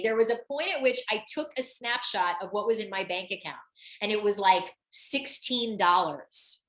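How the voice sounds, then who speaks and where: A woman coach hosting a webinar, talking with a client in an animated, emphatic way, full of "like" and repeated phrases. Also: a little high, echoey room. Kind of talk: live coaching conversation.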